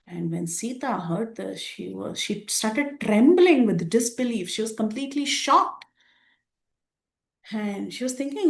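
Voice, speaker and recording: A woman's voice: medium pitch, normal speed. A woman teaching a scripture class, explaining verses and asking the listeners rhetorical questions. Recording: roomy echo.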